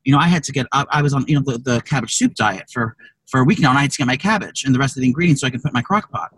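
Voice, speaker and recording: Fast-talking man telling a profane story. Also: medium pitch, noisy background. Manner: profane storytelling, rambling with restarts. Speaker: podcast co-host. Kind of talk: casual chat. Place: car.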